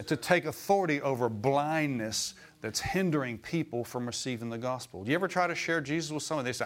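Middle-aged male preacher, anecdotal sermon delivery, bursts of emphasis, mid-pitched voice. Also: animated, a little fast, hardly any pauses. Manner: storytelling, rising to emphatic exclamations.

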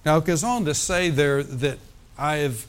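Male pastor, fairly high voice, reads verses then chats about them; sermon delivery. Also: moderate pace. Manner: reads scripture aloud then comments conversationally.

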